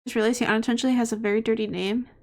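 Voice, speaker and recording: A woman's voice: on the high side, fairly even intonation, racing, a little mellow. A woman streaming a game casually, chatting with viewers and laughing often. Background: game music.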